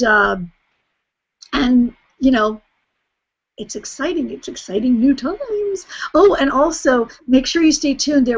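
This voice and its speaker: A woman's voice: a little high, slightly rough. A woman hosting an online group call, effusive and chatty, often restarting her sentences. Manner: effusive, chatty, repeats herself. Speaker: host. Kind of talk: webinar hosting, casual. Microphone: video call. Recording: dull lo-fi video call audio.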